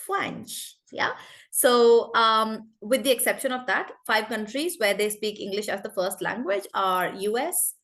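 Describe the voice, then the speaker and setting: A woman in her forties from India, teaching an online spoken English class over a video call in a lively, encouraging way. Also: mid-range voice, unhurried. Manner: lively, encouraging, addresses students often.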